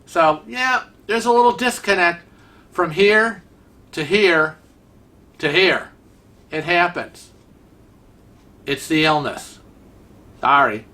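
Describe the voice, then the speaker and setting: A man's voice: sits high, slow pace, long pauses, sharp tone. A man from Rochester, New York, with a Rochester accent, hosting a vlog in a chatty, digressive, teasing way. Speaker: vlog host. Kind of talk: casual vlog commentary.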